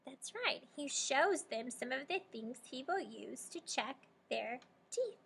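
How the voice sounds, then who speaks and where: Bright-voiced woman teaching young readers. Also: high voice, expressive, unhurried, creaky, slightly rough. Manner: encouraging, prompting and praising students. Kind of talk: guided reading lesson for young children.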